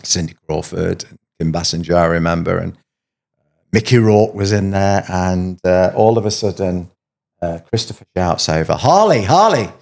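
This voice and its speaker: Gravelly low-voiced man. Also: fairly even intonation, normal speed, a little mellow. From England. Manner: chatty, anecdotal, rhetorical asides. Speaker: podcast host telling his story. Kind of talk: casual storytelling chat.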